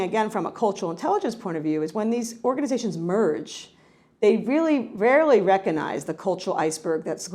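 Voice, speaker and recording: A middle-aged woman from New York, a researcher who answers questions with animated stories and frequent restarts. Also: mid-range voice. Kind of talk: conversational interview answer.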